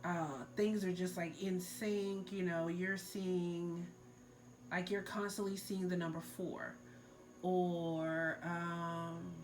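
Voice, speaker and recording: A woman's voice: on the low side, flat delivery, takes it slowly, slight background noise. A woman giving a casual tarot reading, loose and full of fillers, earnestly urging the listener to let go. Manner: loose and filler-heavy, many likes and ums. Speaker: tarot reader.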